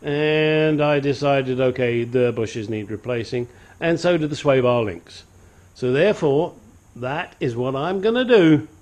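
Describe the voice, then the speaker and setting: A man's voice: mid-range voice, measured pace, darkish tone. A man hosting a casual car repair vlog, talking in a dry, teasing, joking way.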